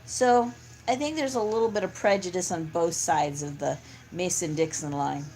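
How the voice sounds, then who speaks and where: A woman's voice: fairly low pitch, moderate pace, a little mellow. Rambling middle-aged woman, lots of fillers. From California. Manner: rambling, many fillers and restarts. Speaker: vlogger. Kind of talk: casual rambling monologue.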